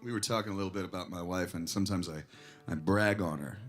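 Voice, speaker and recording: With faint music behind him, a man with a low, slightly bright voice talks fast during a record store in-store performance. He's a singer-songwriter and guitarist filling the gaps between songs with chatty, rambling stories for a small crowd, admitting he talks when he's nervous.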